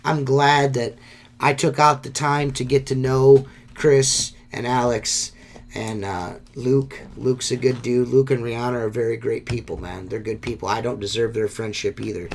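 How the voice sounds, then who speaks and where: A man's voice: mid-range voice, steady tone, normal speed, a little hiss or hum. A man hosting a solo podcast, talking in a rambling, heartfelt way and swearing often. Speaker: podcast host.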